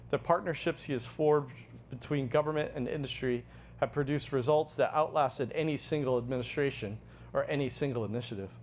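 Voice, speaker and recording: A man's voice: mid-range voice, a little hiss or hum. A man delivering a prepared, earnest tribute speech as he presents an award at an event. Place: event venue.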